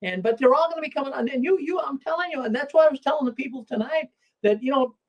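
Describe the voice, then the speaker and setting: Excitable high-voiced male talk show host. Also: fast talker, rough recording. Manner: excitable, repetitive, stumbling restarts. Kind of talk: live call-in talk show.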